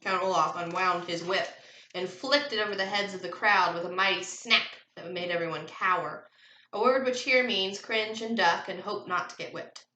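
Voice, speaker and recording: A woman teacher reading a chapter book aloud to her class, switching into lively character voices. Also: medium pitch, moderate pace, a little hiss or hum. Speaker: fourth grade teacher. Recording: echoey room.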